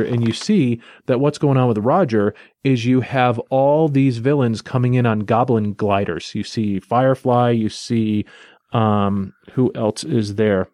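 Guy retelling a comic issue, excited and rambly, mid pitch, dry close sound. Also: no room sound. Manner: enthusiastic, chatty, loose storytelling. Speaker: comic book reviewer. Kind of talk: casual spoken recap and review.

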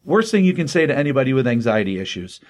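A man's voice: medium pitch, big pitch swings, fast, darkish tone. An older man casually reviewing a comic book, earnest and rambling with plenty of fillers, open about his feelings.

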